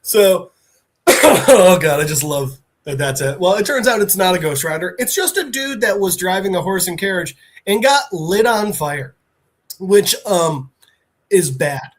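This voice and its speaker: A podcast host, a man, casually retelling a comic in an animated, rambling way with fillers. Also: high voice, measured pace.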